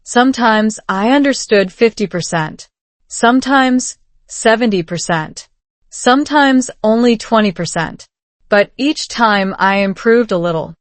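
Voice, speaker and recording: Calm woman narrating a scripted story. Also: on the high side, unhurried, dry recording.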